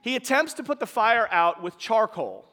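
A man's voice: sits high, sing-song, normal speed, pushed and bright, in a large hall. A man preaching a sermon, telling a story in a conversational way with casual asides to the congregation.

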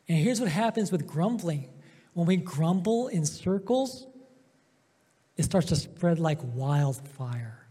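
A man preaching a sermon as pastor, emphatic, with drawn-out pauses and swings between loud and soft. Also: fairly high pitch, animated, husky. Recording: long hall reverb.

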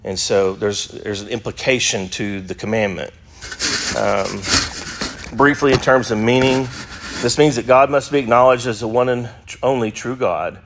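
A man's voice: medium pitch, moderate pace, noisy background. A man teaching an adult Sunday school class, talking conversationally with fillers and restarts and stressing key words with sudden emphasis.

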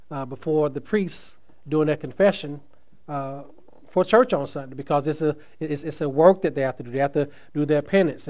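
Man preaching, slow emphatic delivery. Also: fairly high pitch. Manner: preaches with slow emphatic stresses and trailing soft phrase endings; casual asides with fillers. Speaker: pastor. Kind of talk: sermon.

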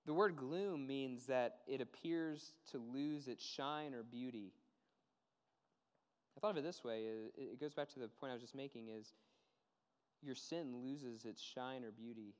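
A man preaching a sermon, earnest and emphatic, repeating words and dropping low and quiet to stress a point. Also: a little slow, clear, resonant tone. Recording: long hall reverb.

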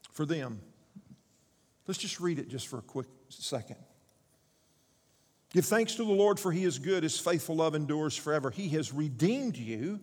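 Man preaching in a reverberant hall. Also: a little high. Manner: reads scripture aloud with rising emphasis, asks the congregation questions. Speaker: pastor. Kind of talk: sermon.

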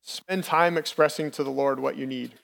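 A man's voice: medium pitch, steady tone, moderate pace, vocal fry, a bit bright. A man in his thirties preaching a sermon in a candid, personal, conversational way as a lay preacher. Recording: long reverb from the hall.

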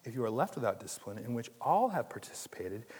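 A man preaching a sermon in a church, conversational and animated, with jokes and asides. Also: mid-range voice, fast, in a large hall, a little hiss or hum. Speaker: pastor.

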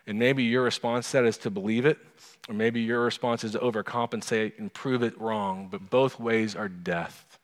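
A man preaching a sermon as pastor, talking earnestly through a story and easing into a quiet, prayerful close. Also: lowish voice, steady tone, normal speed, in a large hall.

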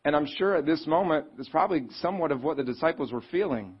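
A man preaching a sermon in a conversational, animated way, reading scripture and acting out quotes. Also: on the high side, fast, few pauses, breathy edge. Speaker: pastor. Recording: slightly dull, lo-fi sound.

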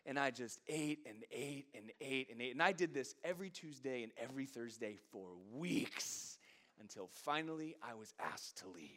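A man's voice: mid-range voice, animated, moderate pace, sharp tone. A middle-aged man pastor, delivering a sermon that moves from funny storytelling to fervent preaching.

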